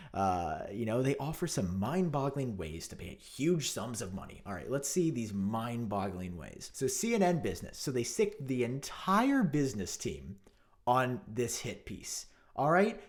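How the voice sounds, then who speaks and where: A tech vlogger speaks to camera in mock-outraged, sarcastic commentary, theatrically swinging between loud jabs and muttered asides. His voice is medium-pitched.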